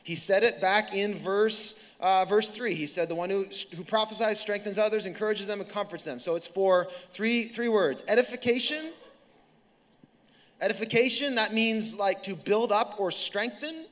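High, bright-voiced pastor in a big hall. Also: male voice. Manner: conversational, animated storytelling with quick restarts. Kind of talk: sermon. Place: large church hall. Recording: reverberant hall.

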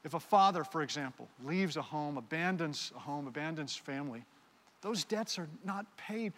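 A man's voice: a little high, lively intonation, normal speed, a bit bright. A man preaching a sermon, animatedly directing volunteers on stage. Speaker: pastor. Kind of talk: sermon with audience participation skit. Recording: long hall reverb.

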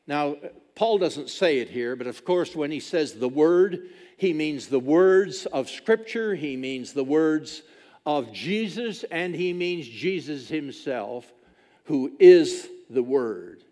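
A man's voice: fairly high pitch, expressive, slow pace, mellow. A man, preaching a sermon as a pastor with emphatic, repeated phrases. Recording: long reverb of a large hall.

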